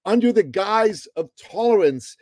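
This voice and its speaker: A man telling stories as a podcast guest, emphatic and preachy, swinging between loud declarations and quiet reflection. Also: high-pitched, lively intonation, measured pace, no echo. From Iran. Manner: emphatic, preachy, rises and falls in loudness. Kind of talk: impassioned interview storytelling.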